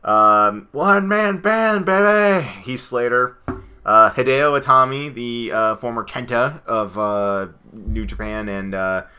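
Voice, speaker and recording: Rambling excitable man, bright voice. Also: fairly low pitch, takes it slowly, slight background noise. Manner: rambling, excitable, slips into goofy impressions. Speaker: podcast co-host. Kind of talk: casual chat.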